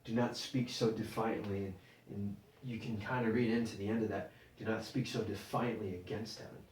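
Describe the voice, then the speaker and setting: A man preaching a sermon, halting and repeating words as he explains scripture. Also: on the low side, fairly even intonation, a little mellow. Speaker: pastor. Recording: echoey room, mic at a distance.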